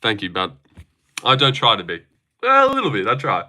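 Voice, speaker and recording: A man's voice: medium pitch, wildly swooping pitch, normal speed, sharp tone. A man hosting a casual livestream, chatting with viewers in a rambling, sarcastic way and swearing freely. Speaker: livestream host. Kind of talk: casual livestream chat reading viewer comments.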